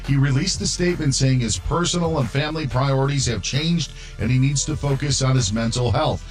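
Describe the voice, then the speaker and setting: A man reading a scripted sports news update as anchor, brisk and steady. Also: mid-range voice, faint music behind. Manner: brisk newsreader delivery.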